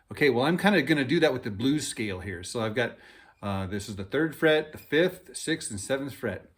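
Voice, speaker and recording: A man with a relaxed, folksy, enthusiastic manner, chatting casually through a workshop demo of a guitar he built. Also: mid-range voice, normal speed. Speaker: cigar box guitar builder. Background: guitar playing.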